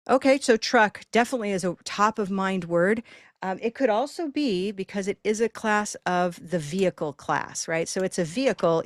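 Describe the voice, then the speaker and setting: A woman teaching pronunciation in a live online class, encouraging her students and stretching words out slowly to demonstrate the sounds. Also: on the low side, no room sound, clean studio sound. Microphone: video call.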